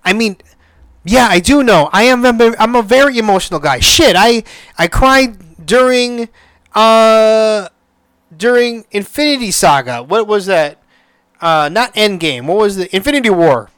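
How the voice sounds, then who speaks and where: A man's voice: sits high, expressive, a little slow, fairly bright tone, smooth, no room sound. A man hosting a podcast, chatting casually and emotionally, swearing and restarting his sentences often. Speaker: podcast host. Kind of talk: casual solo chat.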